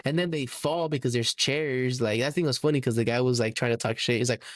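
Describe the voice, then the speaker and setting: A man's voice: medium pitch, fairly quick, no room sound. Slangy, rambling podcast guy, dry sound. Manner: rambling storytelling, acts out quotes, slangy. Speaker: podcast co-host. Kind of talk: casual chat.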